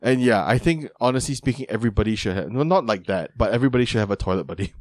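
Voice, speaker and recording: Brief: male podcast host, mid-pitched, playful and giggly, dry close mic. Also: expressive, racing, no echo. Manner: jokey, laughs often, puts on silly voices. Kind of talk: casual chat.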